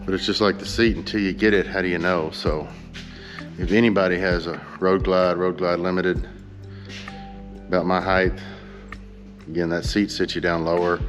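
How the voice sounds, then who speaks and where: Deep-voiced man vlogging about motorcycles. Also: flat delivery, moderate pace, pauses often, long reverb tail, over music. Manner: earnest, asks viewers for advice. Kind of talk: casual chat to camera.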